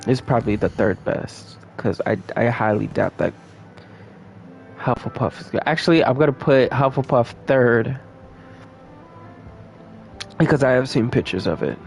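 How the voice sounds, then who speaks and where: A man's voice: mid-range voice, unhurried, vocal fry, pauses often, a little mellow, faint music behind. A young man giving casual, playful commentary while playing a video game and talking to his viewers. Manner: chatty, playful, talks to viewers. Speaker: gameplay streamer.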